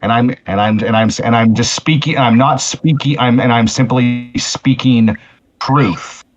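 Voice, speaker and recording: A man playing a tabletop role-playing game who talks deliberately, restarting his sentences. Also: mid-range voice, steady tone, muffled recording. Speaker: player. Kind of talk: tabletop role-play, in and out of character.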